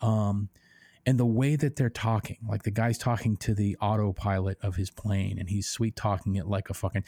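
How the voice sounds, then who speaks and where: A man with a fairly low voice rants his way through a casual podcast chat, rambling and swearing freely as he mocks what he talks about. The sound is dry and close, with no room around it. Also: fairly even intonation, normal speed, mellow, no room sound. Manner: rambling, swears a lot, mocking. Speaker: podcast co-host.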